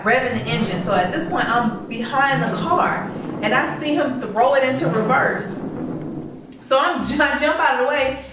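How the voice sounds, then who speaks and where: A woman's voice: a little high, far from the mic. A woman telling a personal story in a casual storytime vlog, acting out what people said. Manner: animated, acts out quoted lines. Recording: echoey room, away from the mic.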